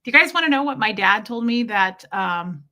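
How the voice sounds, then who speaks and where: Bright-voiced young woman, candid and rambling. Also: on the high side, animated, moderate pace. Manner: candid, rambling, with fillers and restarts; emotionally charged, near tears. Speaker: livestream host. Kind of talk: casual confessional livestream talk. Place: home room with her pets.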